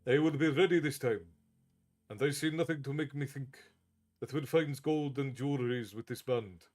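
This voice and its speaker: A man's voice: mid-range voice, moderate pace, darkish tone, soft background music, close to an everyday voice. A man voicing a cold, threatening male slaver who speaks in a harsh whisper. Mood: curt.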